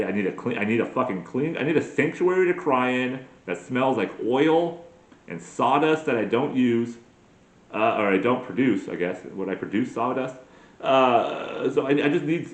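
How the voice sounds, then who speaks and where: A man's voice: medium pitch, roomy sound. A man in his forties doing a crude, self-mocking comedic monologue as a podcast host, full of profane rants. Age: 40s.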